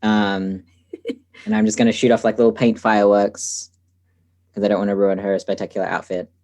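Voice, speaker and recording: A man's voice: fairly low pitch, little pitch movement, moderate pace, a little mellow. A man playing a tabletop game, talking casually with many fillers. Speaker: player. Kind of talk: tabletop game play over a call.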